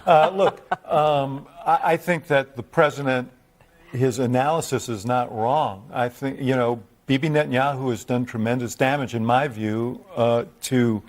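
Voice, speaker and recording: A man giving measured, deliberate political analysis as a guest, sometimes restarting his phrases. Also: mid-range voice.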